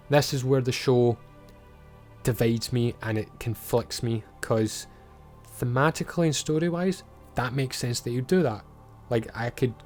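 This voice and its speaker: This is a man, retelling a TV episode in an animated, offhand way. He swears freely and slips into quick impressions of the characters. Faint music runs quietly behind him. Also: mid-range voice. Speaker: video reviewer. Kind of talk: casual recap with acted-out quotes.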